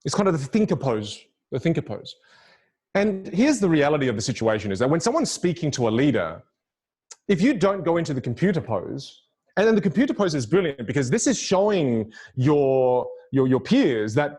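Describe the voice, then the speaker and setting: A man with a slightly raised pitch coaches public speaking for a virtual audience. He is animated and demonstrative, leaping up and down in pitch to make a point. He repeats key phrases for emphasis. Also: moderate pace, breathy edge. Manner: lively, demonstrative, swings pitch widely for emphasis.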